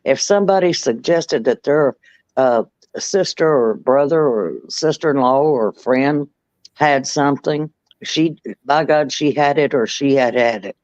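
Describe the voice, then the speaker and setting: A man's voice: mid-range voice, measured pace, a little mellow, dry recording, dull audio. A man with a Southern US accent, chatting casually and telling stories with dry teasing. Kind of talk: casual chat.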